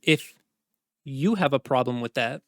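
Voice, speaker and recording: A man's voice: medium pitch, moderate pace, no echo, clean studio sound, natural voice. A man playing a cold, stern knight commander. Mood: stern, menacing. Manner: cold, condescending, threatening.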